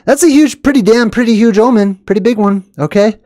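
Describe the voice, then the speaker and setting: A man hosting an excited commentary on clips, emphatic and animated, with sharp upward jumps on stressed words and lots of "okay" and "all right". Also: high voice, fairly quick, no echo, studio quality. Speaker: video host.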